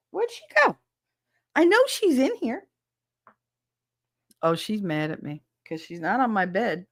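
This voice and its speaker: A woman's voice: medium pitch, wildly swooping pitch, a little slow, pauses often, dry recording, clean studio sound. Chatty, foul-mouthed woman podcast host. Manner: swears freely and laughs often; chatty and self-mocking. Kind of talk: casual live chat with viewers.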